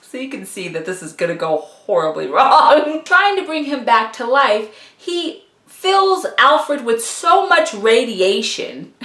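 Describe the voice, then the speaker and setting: A woman's voice: a little high, sing-song, slow pace, fairly bright tone, reverberant. A woman hosting a casual comics history vlog, chatty and giggly, full of asides. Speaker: YouTube comics history host.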